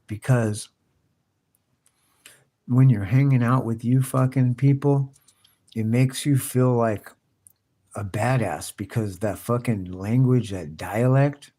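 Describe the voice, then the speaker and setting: Slangy, profane man, low-pitched. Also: dark tone. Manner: profane slangy chatter, constantly saying "dude". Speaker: livestream host. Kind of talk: casual rambling live chat.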